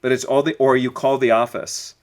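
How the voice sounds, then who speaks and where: A man's voice: medium pitch, flat delivery, a little fast. Storytelling male business coach. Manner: storytelling, acts out little dialogues. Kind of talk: conversational podcast interview.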